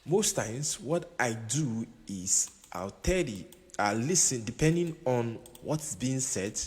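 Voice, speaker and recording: Slow, with lively intonation and a darkish mid-range voice, a man walks through music production at a keyboard in an informal tutorial. He restates points and checks comprehension often. The recording has long room reverb and keyboard music underneath.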